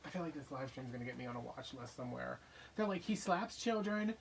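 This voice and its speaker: A man's voice: medium pitch, rapid-fire, creaky, distant mic, noisy background. A man chatting casually on a live stream, telling jokey, playful stories while he crafts.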